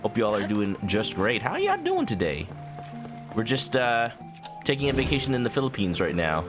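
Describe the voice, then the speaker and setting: A man's voice: mid-range voice, huge pitch swings, normal speed. A man casually commenting while streaming a video game, playful and joking, rambling with little stammers, with game music behind him.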